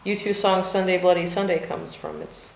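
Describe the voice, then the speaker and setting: A woman's voice: lowish voice, steady tone, moderate pace, gravelly. A woman from the United States chatting casually and rambling in her art studio, with lots of fillers and the odd swear word. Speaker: vlogger. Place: cold home art studio. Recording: echoey room.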